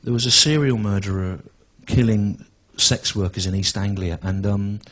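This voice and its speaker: Bloke in his 40s doing standup, dry and halting, kind of husky. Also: fairly low pitch, poor audio. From England. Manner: deadpan, halting, full of restarts and asides. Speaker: stand-up comedian. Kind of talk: stand-up comedy routine. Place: comedy venue with a live audience.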